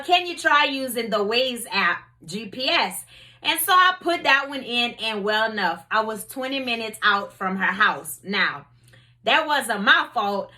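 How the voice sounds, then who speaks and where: A woman's voice: a little high, bright, forceful tone. A woman hosting her own faith talk show, reading scripture and telling everyday stories in a conversational way. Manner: conversational, storytelling, many "you know"s. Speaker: host.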